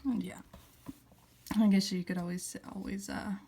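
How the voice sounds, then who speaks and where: A young woman talking through a carving tutorial in a casual, soft-spoken way, often slipping into a whisper. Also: mid-range voice, steady tone, normal speed, vocal fry, slight background noise. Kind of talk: casual how-to narration.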